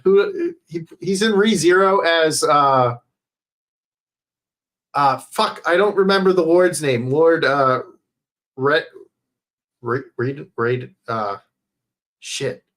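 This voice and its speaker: A man chatting casually on a livestream into a headset mic, rambling, swearing often and filling pauses with "uh". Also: on the high side, animated, a bit bright. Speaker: streamer.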